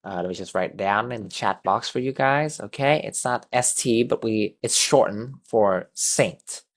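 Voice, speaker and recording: Patient man teaching online. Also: lowish voice. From Vietnam. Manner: patient, drills words slowly and repeats them. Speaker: English teacher. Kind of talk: online class instruction. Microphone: video call.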